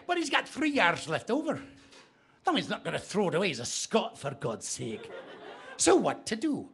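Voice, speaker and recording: Animated male storyteller, bright and lively. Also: high-pitched, moderate pace, vocal fry, slightly rough. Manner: animated, chatty with the audience. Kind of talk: live comic storytelling. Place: bookstore with a live audience.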